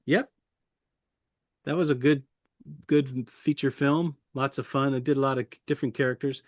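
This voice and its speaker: A man's voice: mid-range voice, fairly even intonation, moderate pace, no echo, clean studio sound. A man who works as a puppeteer, chatting casually as an interview guest, chuckling often and rambling loosely through his memories.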